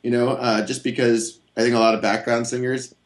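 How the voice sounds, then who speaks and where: A man being interviewed as a guest guitarist, talking in a relaxed, rambling way with many fillers and restarts. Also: medium pitch, a little fast. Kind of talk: casual interview chat.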